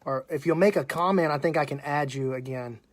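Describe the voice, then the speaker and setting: A man's voice: fairly high pitch, a little fast. Chatty Southern man hosting a live stream. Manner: chatty, shouting out viewers, laughing often. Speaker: podcast host. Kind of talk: casual live-stream chat.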